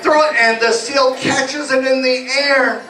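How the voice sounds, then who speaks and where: High-voiced man hypnotizing a bar crowd. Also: steady tone, bright, forceful tone. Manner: playful, guiding volunteers with slow suggestions. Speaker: stage hypnotist. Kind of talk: live hypnosis comedy show. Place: small bar, live show. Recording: echoey bar from far off, music behind.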